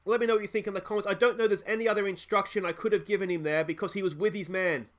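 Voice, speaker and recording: A man with an Australian accent giving excitable let's play commentary, fretting over tactics aloud and shouting when goals go in. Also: high-pitched, racing. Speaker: gaming YouTuber.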